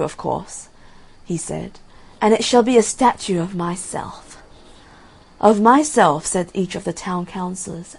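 A woman reading a fairy tale aloud in a gentle, measured way, giving the characters' lines softly. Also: on the low side, creaky, breathy edge, low-quality recording. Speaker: storyteller. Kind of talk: storybook reading.

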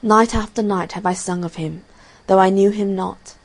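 A woman's voice: mid-range voice, steady tone, normal speed, lightly acted, low-quality recording. A woman reading aloud and voicing a devoted female nightingale in an earnest, raised storybook tone. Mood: longing.

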